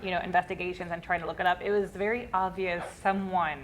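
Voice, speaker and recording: A woman's voice: on the low side, level tone, quick pace, poor audio. A woman co-hosting a casual chat, chiming in and finishing her partner's sentences. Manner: chatty, chimes in to finish his sentences. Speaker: co-host of a horror vlog.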